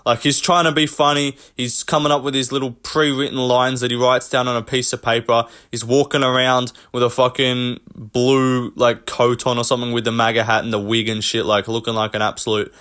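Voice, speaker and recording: A man's voice: mid-range voice, level tone, a little fast, few pauses, fairly bright tone. A young man hosting a casual commentary rant, blunt, mocking and full of swearing. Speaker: host.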